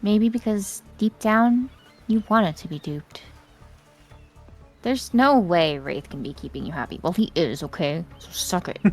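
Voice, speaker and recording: A woman's voice: lowish voice, expressive, unhurried, darkish tone, soft background music. A woman voicing a jealous, desperate female spirit, reading its taunting lines from a game aloud. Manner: taunting, mocking dramatic read-aloud.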